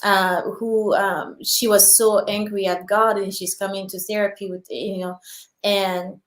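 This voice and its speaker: A woman's voice: medium pitch, flat delivery. A woman hosting a conversation, affirming often and telling a story with many restarts. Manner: supportive listener, many small affirmations, halting when telling stories. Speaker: podcast host. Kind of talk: casual conversational chat. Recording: echoey room.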